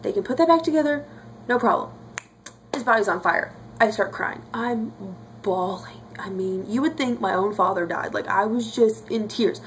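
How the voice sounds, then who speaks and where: A woman's voice: mid-range voice, moderate pace. Young woman vlogging her reaction, gushy and chatty, lots of likes, slight background hum. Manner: chatty and emotional, lots of fillers. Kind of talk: casual reaction vlog.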